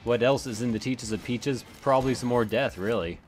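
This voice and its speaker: A man's voice: mid-range voice, fairly quick, slight background noise. A man giving casual, rambling commentary while playing a video game, swearing often and drifting into asides. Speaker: let's play gamer.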